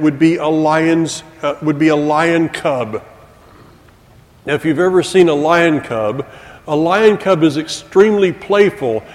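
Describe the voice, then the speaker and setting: Man, middle-aged, preaching, unhurried delivery, folksy asides, reverberant hall. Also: a little high, darkish tone. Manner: folksy, joking asides to the congregation. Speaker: teacher. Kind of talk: sermon.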